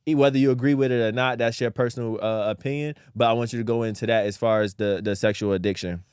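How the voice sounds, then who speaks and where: A young man hosting a podcast interview, direct in his speech and quick to affirm his guest. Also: mid-range voice, fairly even intonation, a little mellow, smooth, no room sound, clean studio sound. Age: young adult. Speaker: podcast host. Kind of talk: conversational interview.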